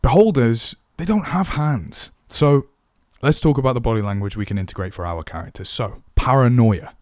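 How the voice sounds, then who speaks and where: A man's voice: medium pitch, animated, moderate pace, a little mellow, no room sound, studio quality. A man teaching voice acting for tabletop games, chatty and self-deprecating. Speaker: dungeon master teaching voice acting. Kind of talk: casual tutorial.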